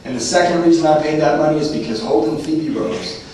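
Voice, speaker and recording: A man's voice: a little high, brisk, dark tone, slight background noise. Candid man telling his story, echoey hall. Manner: candid storytelling with self-mocking humor. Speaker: recovery meeting speaker. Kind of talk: personal testimony talk. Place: meeting room. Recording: echoey hall, distant mic.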